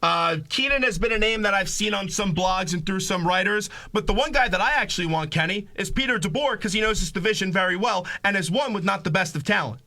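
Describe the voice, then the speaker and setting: High, bright-voiced sports radio host. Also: male voice, fairly quick, vocal fry, hardly any pauses, a little hiss or hum. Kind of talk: sports talk radio interview. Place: radio studio.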